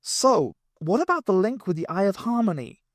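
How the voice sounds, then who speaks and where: A spirited young woman with a wry, teasing edge, as a male audiobook reader puts her on, her questions lifting high and swinging lively. The reading is close and dry, with no room around it. She sounds plucky and quick to needle. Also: no room sound. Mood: curious. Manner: quizzical, teasing questions in a raised voice. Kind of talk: audiobook character voice.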